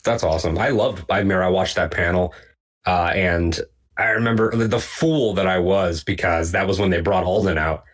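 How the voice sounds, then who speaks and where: Low-voiced man telling animated stories. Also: a little fast. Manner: animated storyteller, quotes himself in lively voices. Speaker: podcast panelist. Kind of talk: casual chat.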